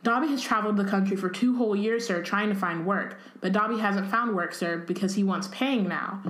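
Lady reading as a polite little house elf, eager to please, talks kinda quick and formal, echoey room. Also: mid-range voice, a bit bright, close to an everyday voice. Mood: earnest. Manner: formal, deferential, refers to self by name. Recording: roomy echo.

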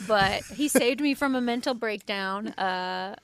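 A woman's voice: mid-range voice, a little slow. A woman, a podcast guest, telling a candid personal story in a casual interview and laughing often. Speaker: podcast guest, spouse of a first responder.

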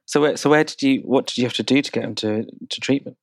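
A man's voice: medium pitch, quick pace, no room sound. A man interviewing a guest, hesitant and repeating words as he frames his questions. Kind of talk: conversational interview.

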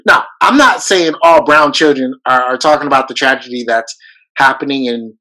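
Earnest bright-voiced man teacher. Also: medium pitch, moderate pace, low-quality recording. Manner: earnest, thinks aloud with restarts. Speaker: podcast co-host, teacher. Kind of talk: casual conversation.

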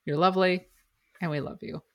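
An upbeat woman hosts a casual podcast, her voice sitting a little low for a woman. She rattles through announcements and thank-yous with easy friendliness. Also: fairly even intonation. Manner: upbeat, reads show notes and shout-outs briskly. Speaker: podcast host.

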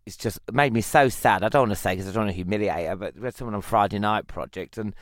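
A man's voice: fairly low pitch, quick pace, no room sound, clean studio sound. Camp self-deprecating English man. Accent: English, softened regional. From Northampton, England. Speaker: guest, TV presenter. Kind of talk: casual chat.

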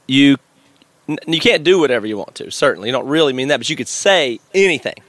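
A man's voice: medium pitch, animated, quick pace, a bit bright, no echo. A man co-hosting a podcast in casual chat, wry and laying out ideas, swearing casually. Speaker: podcast co-host.

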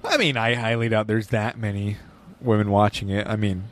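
A man's voice: on the low side, steady tone, normal speed. A young man in casual chat, ranting and mocking with profanity, acting out scenes in silly voices.

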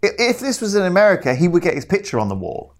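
A man's voice: high voice, huge pitch swings. Wry, teasing man. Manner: wry, teasing, quick to laugh. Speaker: podcast co-host. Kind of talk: casual chat.

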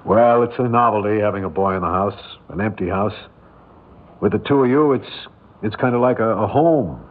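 On the low side and natural, this man's voice moves at a normal speed as a forties-aged actor stammers hesitantly in the role of a bashful, kind bachelor with a filling station. It's 1950s radio drama acting, heard through a tinny old broadcast.

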